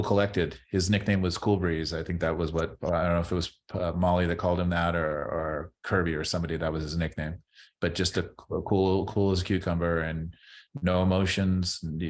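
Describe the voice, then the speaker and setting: A middle-aged man, a former ballplayer, chatting loosely as a podcast guest, rambling and repeating words as he restarts his sentences. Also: low voice. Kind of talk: casual interview chat.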